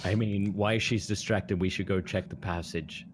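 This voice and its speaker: Deep-voiced man reacting at a game table. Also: steady tone, moderate pace, background noise. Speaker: player. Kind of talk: casual tabletop play.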